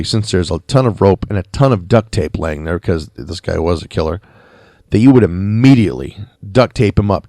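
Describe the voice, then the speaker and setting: A man talks through a film review on his podcast, rambling along and dropping into quick imitations of the characters. His voice sits low but moves around a lot in pitch. The sound is dry and close, with no room around it. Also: a little mellow, dry recording. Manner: rambling, conversational, with quick mimicked quotes. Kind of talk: casual spoken review. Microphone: podcast mic.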